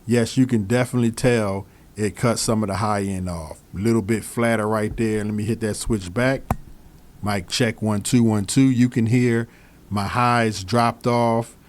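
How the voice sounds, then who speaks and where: A man's voice: fairly low pitch, moderate pace, a little hiss or hum. A man casually reviewing microphones he switches between, repeating himself and speaking straight to his viewers. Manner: relaxed, repeats phrases, talks straight to viewers. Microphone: studio microphones he switches between.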